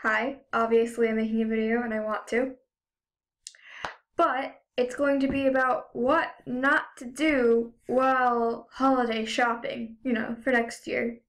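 A woman's voice: fairly high pitch, flat delivery, measured pace, a bit bright. A young woman vlogging in a casual, sarcastic, profane rant, full of "you know" and "like" fillers. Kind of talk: ranting casual vlog.

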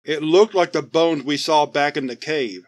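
A man's voice: on the high side, moderate pace, lightly acted. A man playing a nervous field doctor. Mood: hesitant.

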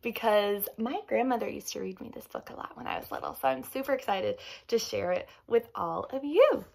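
A woman hosting a daily read-aloud, reading a picture book to children with enthusiasm and pausing to ask questions. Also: on the high side, vocal fry. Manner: enthusiastic, expressive, teacher-like questions.

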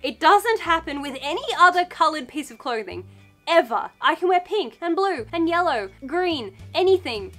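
A young Australian woman gushes through a thrift clothing haul as a fashion vlogger, bubbly and playful. Her extremely high voice has lively intonation and a bit of brightness at normal speed, with soft music in the background.

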